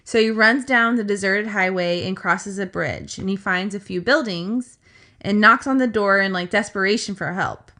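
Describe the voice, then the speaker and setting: Female podcast co-host, bright tone, casual rambling storyteller. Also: mid-range voice, normal speed. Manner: chatty, filler-heavy retelling with asides.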